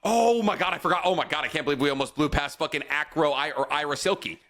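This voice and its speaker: A man's voice: a little high, steady tone, very fast, bright, forceful tone. A man co-hosting a casual podcast, joking and swearing freely as he chats. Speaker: podcast co-host.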